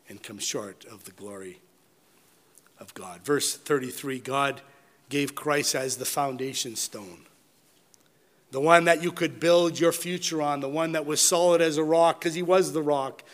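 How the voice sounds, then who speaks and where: A male pastor delivers a sermon with a fairly high-pitched voice. He pushes phrases up loud and emphatic, then sinks to low, quiet endings. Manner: dynamic preaching, swinging from loud emphatic peaks to low quiet drops.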